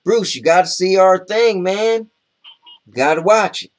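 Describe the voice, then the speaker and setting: A co-host on a comedy show plays Duke, a brash, boastful Southern man, bragging his way through viewer comments. He uses a Southern US accent with a blustery yet laid-back drawl. His voice sits high, expressive, at a measured pace.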